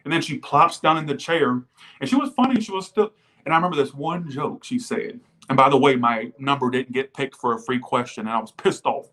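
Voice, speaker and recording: A man's voice: mid-range voice, a little fast, fairly bright tone. A man giving a casual livestream tarot reading. He rambles, swears freely and wanders off on tangents, and he breaks off to thank viewers for donations. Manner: rambling, profane, goes off on tangents. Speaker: tarot reader.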